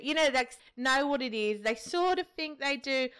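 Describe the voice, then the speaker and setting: A woman's voice: medium pitch, animated, moderate pace, fairly bright tone, smooth. A young woman, a midwife co-hosting a podcast, chatting casually and acting out what people say to her. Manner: chatty, laughs often, acts out quotes. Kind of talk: casual chat.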